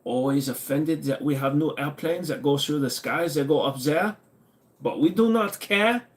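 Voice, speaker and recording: A man's voice: on the high side, normal speed, voice pushed up, natural voice. A man voicing a smug, stiff German man in a mock German accent, pompous and clipped.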